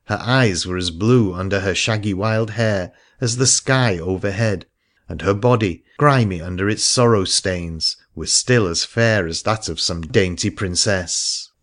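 A man narrating a first-person seafaring adventure story in a measured reading voice. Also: lowish voice. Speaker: audiobook narrator.

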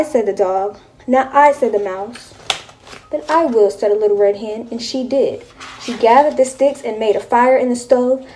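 A woman reading a children's storybook aloud, keeping a steady, rhythmic pace. Her voice sits fairly high but sounds mellow and warm. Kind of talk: reading a picture book aloud.

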